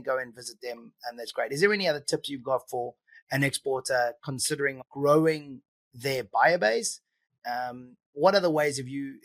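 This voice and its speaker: Gravelly-voiced male podcast host. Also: medium pitch, fairly bright tone, no room sound. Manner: chatty, probing questions, frequent fillers. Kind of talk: casual interview chat.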